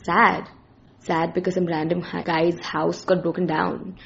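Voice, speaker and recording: A dismissive, teasing female coworker heard over a speaker, as a reader puts her on. She has a low voice with a strong gravelly rasp, and the recording sounds muffled and dull. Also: level tone, measured pace. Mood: sceptical. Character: sceptical woman coworker on a speaker.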